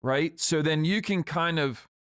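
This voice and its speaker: A man's voice: on the high side, measured pace, fairly bright tone, no echo, studio quality. A man co-hosting a business podcast, chatting casually with short agreeing replies and self-deprecating jokes. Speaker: podcast co-host, insurance business owner.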